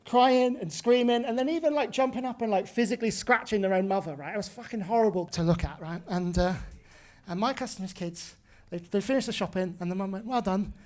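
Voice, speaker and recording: Her voice is mid-range, a little mellow, and brisk. She's a comedian in her twenties doing a profane stand-up set in a pub, ranting and dropping "right?" as a tag on her lines.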